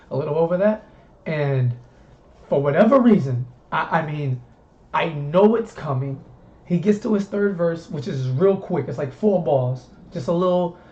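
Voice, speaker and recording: A man's voice: fairly high pitch, mellow. A man from the southern US hosting a casual talk stream, rambling easily and repeating words as he goes. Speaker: host. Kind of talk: casual chat. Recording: muffled stream audio with faint hiss.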